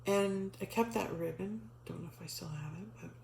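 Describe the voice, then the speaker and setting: A middle-aged woman telling a personal spiritual story in a casual, animated way, acting out the voices she quotes, with many restarts and fillers. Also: fairly low pitch, normal speed, vocal fry, roomy sound, slight background noise, rough recording. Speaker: storyteller sharing a spiritual experience.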